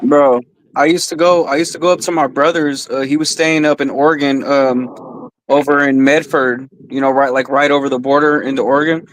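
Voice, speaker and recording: A man's voice: mid-range voice, steady tone, brisk, slight background noise, low-quality recording. A man co-hosting a podcast, telling rambling stories in casual chat, swearing a lot and calling everyone bro. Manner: profane, storytelling, says bro often. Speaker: podcast co-host.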